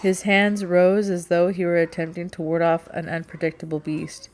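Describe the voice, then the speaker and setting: A woman narrating a first-person novel as an audiobook, in a measured, quiet storytelling manner. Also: fairly low pitch, little pitch movement.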